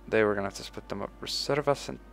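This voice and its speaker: A man commenting casually on his own strategy game playthrough, swearing freely, bursting out with "boom" and ordering his in-game troops around. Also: fast, gravelly, soft background music. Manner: excitable, swears casually, shouts "boom" when giving orders; talks to in-game units as if they were his troops. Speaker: let's play host.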